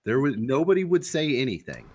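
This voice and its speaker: A man's voice: medium pitch, sing-song, fairly quick, a little mellow. A young man co-hosting a podcast, telling a story in a loose, profane, casual way and acting out the quoted lines. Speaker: podcast co-host.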